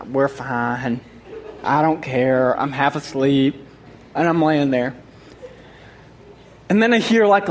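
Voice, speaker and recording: A man telling a humorous personal story to a group, animated and acting out his own remarks. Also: high voice. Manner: animated, acts out his own quoted thoughts, laughs often.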